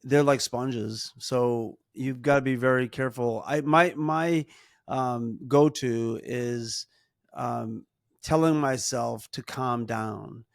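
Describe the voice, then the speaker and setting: A middle-aged man co-hosting a casual advice chat. He talks earnestly about parenting, often restarts his sentences and slows down to stress a point. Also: medium pitch, creaky, dry recording, studio quality. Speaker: podcast co-host, parent.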